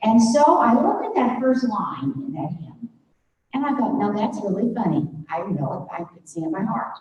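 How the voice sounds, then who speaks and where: An older woman speaks earnestly to a room of faculty, her talk halting and emotional. Her voice is mellow and comes from well back in a very echoey hall. The recording is muffled. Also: mid-range voice, very animated, recorded from a distance, a little hiss or hum. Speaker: speaker at a faculty development day. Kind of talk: devotional talk.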